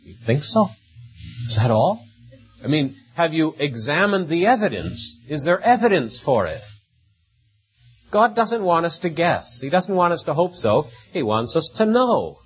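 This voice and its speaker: A man's voice: fairly high pitch, very animated, normal speed, breathy edge, muffled recording, soft background music. A man preaching a sermon in a conversational way, often tagging rhetorical questions onto his points.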